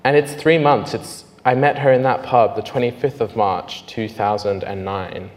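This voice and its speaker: A man preaching his testimony as a lively storyteller who often drops to hushed, slow tones. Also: mid-range voice. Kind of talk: sermon testimony. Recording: reverberant hall, faint noise.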